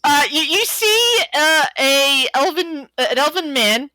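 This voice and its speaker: A young woman narrating as game master, halting with many fillers and restarts. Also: high-pitched, expressive, pushed and bright, dry recording, low-quality recording.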